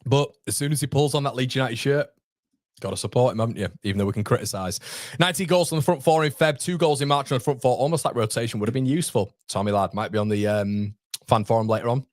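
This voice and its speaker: A man's voice: mid-range voice, quick pace, dry recording. Young guy doing a fan livestream, reading out chat, laughs a lot, mid voice, dry close mic. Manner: chatty, matey, laughs often, addresses viewers by name. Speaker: fan channel host reading live chat. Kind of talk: casual live watchalong chat.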